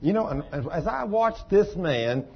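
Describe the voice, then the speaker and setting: A man preaches, telling a testimony in a folksy, animated style. His voice is fairly high and husky, and he slips into the voices of the people in the story. The recording sounds dull and lo-fi. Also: measured pace. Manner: folksy, animated, acts out voices and shouts for emphasis.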